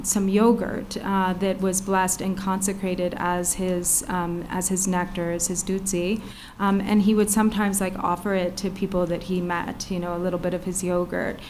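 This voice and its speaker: A woman interpreting a Buddhist teaching into English, halting and pausing often with filler sounds. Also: mid-range voice, little pitch movement, darkish tone, a little hiss or hum.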